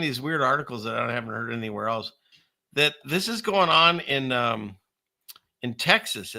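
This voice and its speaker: Gravelly man in rambling commentary. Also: mid-range voice, expressive, moderate pace, pushed and bright. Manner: rambling, conspiratorial, chuckling. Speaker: channel host. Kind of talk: casual commentary monologue.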